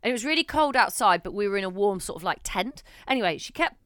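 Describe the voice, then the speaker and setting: A woman tells a story on a casual podcast. Her pitch swings widely as she acts out what people said and swears for emphasis. Her voice is smooth and resonant, and the recording is close and dry. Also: lively intonation, quick pace, a bit bright, dry recording. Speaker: podcast co-host. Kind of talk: casual chat.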